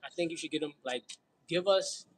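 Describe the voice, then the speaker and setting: A man's voice: fairly high pitch, a little fast, poor audio. A man from Brooklyn with a New York accent, talking casually and laughing on a fitness livestream between sets. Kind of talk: casual livestream chat while working out.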